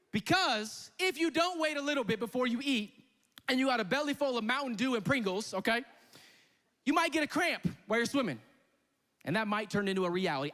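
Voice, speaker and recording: A young man preaching with a high, lively voice that swings from joking to shouting. His story rings out with a long reverb, as in a large church hall. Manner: animated and comic, shouting at peaks. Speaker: pastor. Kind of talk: sermon storytelling.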